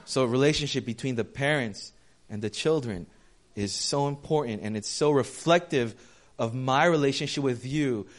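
A man delivering a sermon in a casual, conversational tone, at a medium pitch for a man. He tells stories and acts out dialogue with lively shifts of voice as he talks to a congregation. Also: moderate pace. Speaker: pastor.

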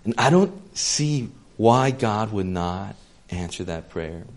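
A man preaching a sermon in an earnest, gentle, casual way, with plenty of fillers. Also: fairly low pitch, expressive, a little slow.

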